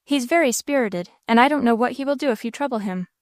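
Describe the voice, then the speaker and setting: A woman's voice: on the high side, fast talker, no room sound, studio quality, close to an everyday voice. A woman reading an audiobook voices a frightened young girl who pleads earnestly. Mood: pleading.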